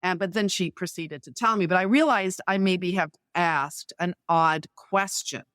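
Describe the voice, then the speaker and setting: A middle-aged woman guest on a podcast, walking through small talk advice step by step. Her voice sits a little low, and she backs up each point with a personal story. The sound is dry and close. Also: unhurried, fairly bright tone, no echo. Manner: clear, instructive, illustrates points with anecdotes. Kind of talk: explaining conversation tips in an interview.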